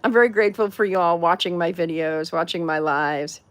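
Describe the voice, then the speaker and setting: A woman's voice: on the low side, fairly quick, no room sound. A middle-aged woman from California hosting a casual livestream, chatting, laughing often and greeting viewers by name. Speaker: host.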